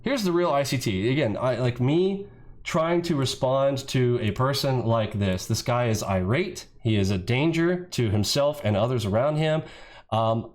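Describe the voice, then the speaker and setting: A man's voice: lively intonation, normal speed. A man hosting a trading video, ranting in heated reaction commentary, mocking a rival and swearing freely. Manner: mimics his rival in shrill yells.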